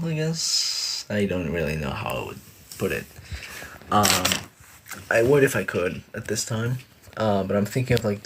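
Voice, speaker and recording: A man's voice: lowish voice, creaky, slight background noise. A young man streaming, chatting casually and rambling with lots of fillers as he laughs at himself. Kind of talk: casual live-stream chat. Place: sitting on a bed indoors.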